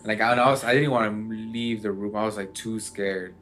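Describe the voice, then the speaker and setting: A man's voice: fairly low pitch, fairly even intonation, normal speed, fairly bright tone. A man in casual chat, telling a story with lots of fillers and restarts. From Mexican family background. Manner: rambling, many fillers.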